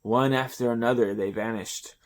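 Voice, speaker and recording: With a medium-pitched voice, fairly even intonation and a moderate pace, a manga review host works his way through a chapter's panels. His commentary is casual and rambling, loose play-by-play peppered with swearing.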